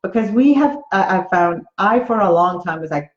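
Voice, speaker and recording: A woman's voice: medium pitch, lively intonation, normal speed, few pauses. A woman life coach giving an earnest, encouraging motivational talk in a conversational way. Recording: roomy, slightly dull recording.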